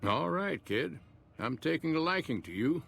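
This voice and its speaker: An actor playing a gruff, vengeful old male rancher in a game, with a folksy, blunt drawl. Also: fairly high pitch, big pitch swings, normal speed, a bit bright, full character voice. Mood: approving. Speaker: game character.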